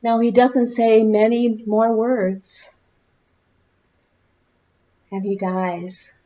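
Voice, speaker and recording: A woman minister giving an Easter sermon, telling stories with slow, deliberate phrasing and dramatic pauses, in a church. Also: a little high, little pitch movement, dark tone, muffled recording. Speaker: guest minister. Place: church sanctuary.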